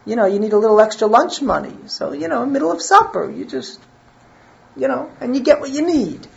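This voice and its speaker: A woman's voice: a little high, sing-song, fairly quick, gravelly, highs cut off. A woman giving a religious text lesson. She reads each phrase aloud, then translates and explains it. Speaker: Torah teacher.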